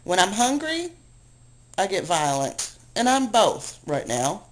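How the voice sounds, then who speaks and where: A woman at home, worn out and low after a long cry, venting to a camera she aims at herself in a rambling, self-deprecating, exasperated way. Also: sing-song, slow, rough recording. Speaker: video blogger. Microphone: handheld camera she aims at herself.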